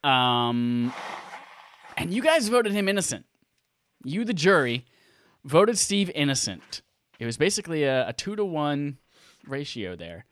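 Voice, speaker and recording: A man with a bright, slightly raised voice hosts a casual live podcast, joking and swearing with lots of energy. His pitch swings widely as he riffs. The sound is close and dry, as from a headset mic at a desk. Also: a little slow, pauses often, dry recording. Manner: energetic, crude and joking, laughs often. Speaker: podcast host. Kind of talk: casual livestream podcast chat.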